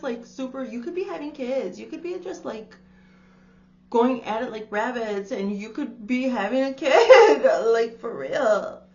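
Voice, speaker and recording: A woman's voice: on the high side, dull audio, a little hiss or hum. A woman giving a casual spiritual tarot reading to the camera. She talks in a chatty, exclaiming way and calls the listener darling. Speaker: tarot reader.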